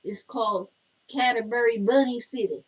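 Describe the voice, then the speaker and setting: A woman's voice: a little high, normal speed, natural voice, poor audio. A woman playing Daisy, a sassy, bossy Southern woman with a Southern US accent, co-hosting a comedy show and teasing her partner while reading viewer comments. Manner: scolding, bossy, animated storytelling. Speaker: co-host.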